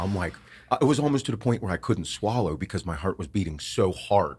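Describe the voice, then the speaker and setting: A man hosting a podcast, telling a story in a casual, animated way, swearing often and acting out what others said. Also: deep voice, fast, a little hiss or hum. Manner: animated, swears a lot, acts out quotes. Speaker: podcast host.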